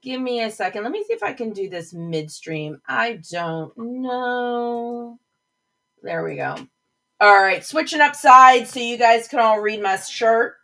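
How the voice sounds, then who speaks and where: A woman's voice: fairly high pitch, big pitch swings, measured pace, sharp tone, rough recording. A woman hosting a casual livestream, chatting and rambling between topics and greeting viewers by name. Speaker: livestream host.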